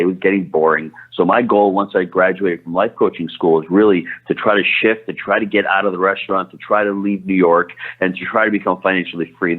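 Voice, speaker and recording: A man's voice: low voice, breathy edge. A man answering interview questions as a podcast guest, talking energetically with frequent restarts. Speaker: podcast guest, real estate investor. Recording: tinny phone line.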